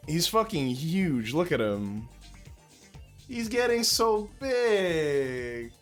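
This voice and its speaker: A young man streaming from home, chatting casually to his viewers and cooing baby talk at his cat, swearing now and then. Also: on the high side. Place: at home indoors. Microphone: desk mic, handled up close.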